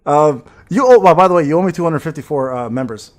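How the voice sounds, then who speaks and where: A man with a high, bouncy voice that swings all over the place, firing off teasing, swear-filled jabs. He plays up mock outrage at his buddy during casual livestream banter. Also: animated, fast. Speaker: gaming streamer.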